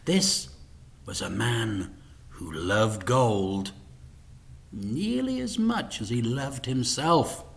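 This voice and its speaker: A male teacher reading a children's book aloud, expressive and sometimes dropping to a whisper. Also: mid-range voice, drawn-out words, gravelly. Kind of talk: storybook read-aloud.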